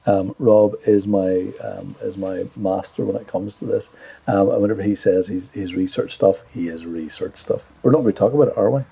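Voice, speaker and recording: A teasing man with a Northern Irish accent, co-hosting a casual podcast. His voice is low, dark and gravelly, with a strongly husky, rough edge. He keeps up a joking, bantering manner throughout. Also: normal speed. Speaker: podcast co-host. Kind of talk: casual chat.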